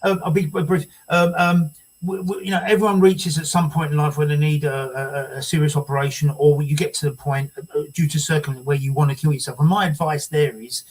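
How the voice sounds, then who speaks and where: A man in his sixties hosting a casual talk show, speaking haltingly with repeated words and dry jokes. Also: on the high side, little pitch movement, a little mellow, rough recording. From United Kingdom.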